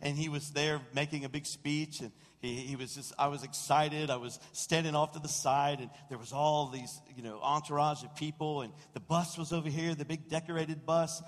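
Animated storytelling pastor in a reverberant hall. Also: male voice, a little high, moderate pace, few pauses. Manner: storytelling, animated, mimics quoted voices. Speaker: senior pastor. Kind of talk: sermon. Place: church sanctuary. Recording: long reverb of a large room.

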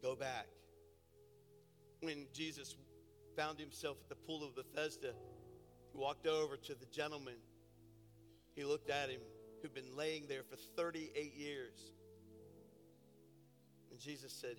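A pastor preaching a sermon, building to impassioned, shouted declarations in a church sanctuary. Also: male voice, medium pitch, steady tone, unhurried, long pauses. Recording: reverberant church hall with piano.

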